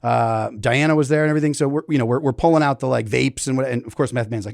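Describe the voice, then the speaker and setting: A man's voice: medium pitch, racing, creaky, few pauses, darkish tone, dry recording, studio quality. Rambling, laid-back male podcast host. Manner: rambling, loose, laughing often. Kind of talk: casual chat.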